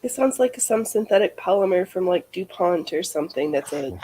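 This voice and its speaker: Husky, mellow woman making dry remarks. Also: on the low side, animated, moderate pace. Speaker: co-host on sewing livestream. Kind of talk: casual chat while sewing.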